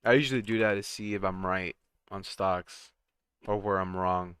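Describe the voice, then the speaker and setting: A man's voice: low voice, fairly even intonation, normal speed, a bit bright, clear, resonant tone, dry recording, studio quality. A man hosting a casual stock-market livestream, chatting with co-hosts and reading out viewer comments and trending topics. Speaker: livestream host.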